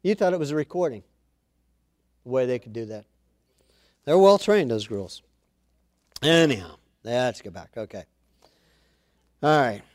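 A man's voice: mid-range voice, animated, a little slow, pauses often, a little mellow, dry recording, studio quality. A man preaching an informal Bible-study sermon, reading scripture aloud and then commenting in a chatty way with asides.

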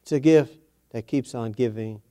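Folksy storytelling preacher, mellow man. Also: medium pitch, moderate pace. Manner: folksy storytelling, repeats phrases for emphasis. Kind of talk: sermon.

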